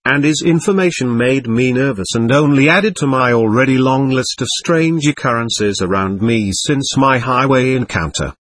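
A man narrating a first-person story aloud in an even, measured way. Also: mid-range voice, no room sound.

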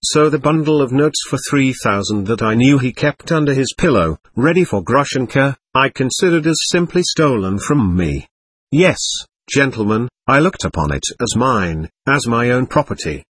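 A man reading an agitated, proud young man who pleads and protests with passion. The voice is husky and swings widely in pitch, heard close and dry as in an audiobook. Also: animated, normal speed, no room sound. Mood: heated. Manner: impassioned, pleading, emphatic.

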